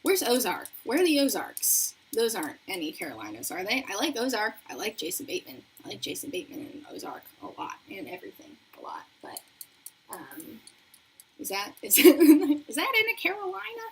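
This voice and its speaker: A woman's voice: mid-range voice, very animated, a little fast, a little hiss or hum. A young adult woman chatting casually on a beauty livestream, reading viewer comments and talking while she does her makeup. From not from New York. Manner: bubbly, chatty, easily distracted.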